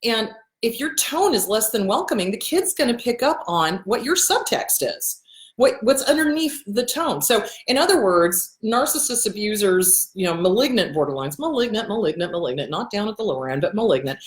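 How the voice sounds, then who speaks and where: A woman gives frank advice in a loose, unscripted monologue, her pitch swinging up and down with animated emphasis. She is blunt and swears freely, hammering points home by repeating words. The sound has a roomy echo around it. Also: moderate pace. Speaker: host and therapist. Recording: echoey room.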